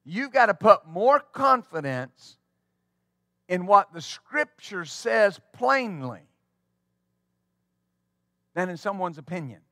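A man preaches with fervor, his voice pitched high for a man. The sound is dry and close, with no room around it. He drives his points home and throws quick asides to the congregation. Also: very animated, sharp tone, no room sound. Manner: fervent preaching with call-and-response asides. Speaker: pastor. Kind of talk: sermon.

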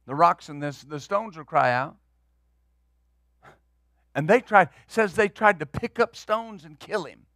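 A man's voice: a little high, lively intonation, measured pace, pauses often, a bit bright, dry recording, studio quality. A man preaching as pastor, emphatic and building in bursts, often repeating words as he drives a point home. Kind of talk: sermon.

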